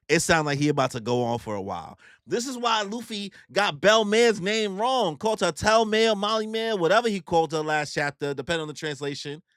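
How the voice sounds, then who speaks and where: A young man with a slightly high, very lively voice recaps a manga chapter in loose slang. He bounces between his own commentary and quick acted-out lines for the characters. The sound is dry and close, with no room around it. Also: no room sound. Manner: animated slang-heavy storytelling, acting out character quotes. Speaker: YouTube manga reactor. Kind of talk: casual manga recap and reaction.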